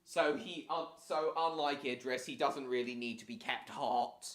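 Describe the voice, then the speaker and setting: A man's voice: mid-range voice, normal speed, fairly bright tone, echoey room. A man hosting a live stream, chatting casually over a show, rambling with many fillers and restarts.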